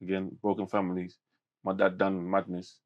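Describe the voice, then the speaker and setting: A man, a podcast guest telling stories in animated street slang with many restarts. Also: low voice, normal speed, lo-fi sound. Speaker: podcast guest, men's mental health campaigner. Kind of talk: casual podcast conversation.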